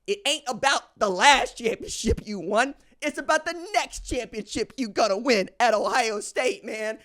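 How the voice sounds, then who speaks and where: A man's voice: very high voice, normal speed, hardly any pauses, sharp tone. A man hosting a sports podcast, giving opinionated commentary in an emphatic, slangy way and repeating phrases for effect. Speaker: podcast host.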